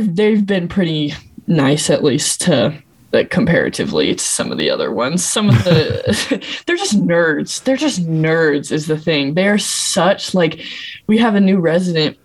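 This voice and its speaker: A young adult woman, a nurse, chatting casually on a podcast, bubbly and quick to laugh as she acts out what people said. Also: low-pitched, slightly rough. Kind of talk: casual storytelling chat.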